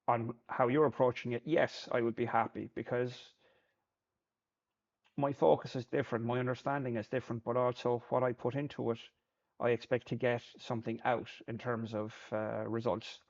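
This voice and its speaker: A man's voice: medium pitch, flat delivery, normal speed, a little mellow, lo-fi sound. A man, a Paralympic sport shooter, talking through his thoughts in a plain-spoken reflective monologue, often repeating words as he thinks.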